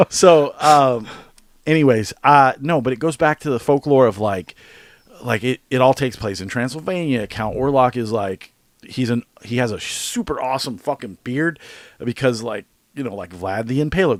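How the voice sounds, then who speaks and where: A man co-hosting a movie podcast, talking casually and excitedly, rambling and swearing a lot. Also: mid-range voice, no room sound. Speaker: podcast co-host. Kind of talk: casual movie review chat.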